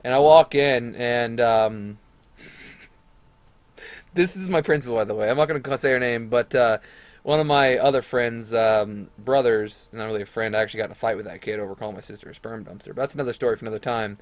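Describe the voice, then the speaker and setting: A man's voice: mid-range voice, brisk, dry recording. Young man, casual storytime vlogger, rambling and crude, dry close mic. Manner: rambling, profane, animated retelling with quoted voices.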